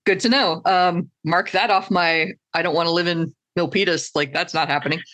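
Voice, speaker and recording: A woman's voice: lowish voice, fairly even intonation, normal speed, fairly bright tone. A woman hosting a podcast in casual chat, telling stories with animation and laughing often. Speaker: podcast host.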